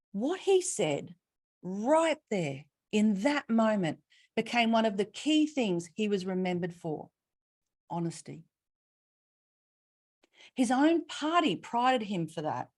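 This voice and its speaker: A middle-aged Australian woman giving a webinar keynote, telling stories with expressive emphasis and asking rhetorical questions. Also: mid-range voice. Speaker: keynote speaker.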